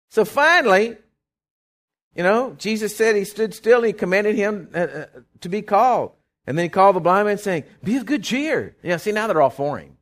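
A man preaches. His voice sits high and swings widely in pitch, and he breaks into sudden loud bursts. He throws in folksy jokes and checks in with the congregation. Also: brisk. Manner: animated preaching with sudden loud bursts and call-and-response asides; folksy, joking asides. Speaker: pastor. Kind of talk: sermon.

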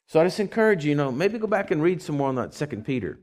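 A man's voice: fairly high pitch, very animated, racing, a little mellow. A man who is a pastor, preaching a conversational sermon in a church, with rising bursts of energy.

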